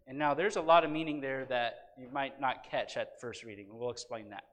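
A man's voice: medium pitch, animated, normal speed, in a large hall. A man teaching a Sunday school Bible lesson, reading scripture emphatically and asking rhetorical questions.

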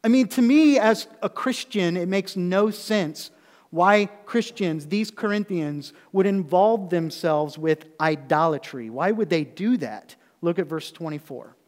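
A man's voice: sits high, unhurried, darkish tone. Preaching man in a reverberant church. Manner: conversational preaching with rising emphatic peaks. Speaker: pastor. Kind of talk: sermon. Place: church sanctuary.

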